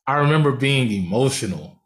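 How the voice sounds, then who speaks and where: A man's voice: mid-range voice, animated, fairly quick. Blunt, slangy male podcast host. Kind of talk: casual podcast conversation.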